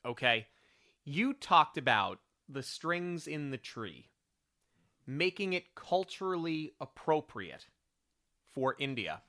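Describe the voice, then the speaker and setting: Animated podcast cohost, bright voice, keeps acting out lines in disbelief. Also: mid-range voice, takes it slowly. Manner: animated, incredulous, quotes scenes in put-on voices. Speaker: podcast co-host. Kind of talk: casual film review chat.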